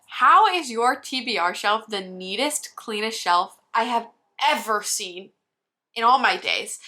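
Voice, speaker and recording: A woman's voice: medium pitch, bright, forceful tone. A young woman book vlogger giving casual comedic commentary, teasing playfully.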